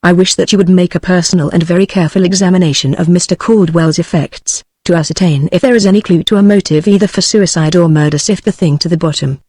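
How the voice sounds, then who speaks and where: A woman's voice: on the low side, quick pace, hardly any pauses, darkish tone, slightly rough, no room sound, studio quality. A text-to-speech woman's voice with a British accent voicing a concerned male ship's captain, in her usual voice. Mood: grave. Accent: British English. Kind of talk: synthetic text-to-speech book reading.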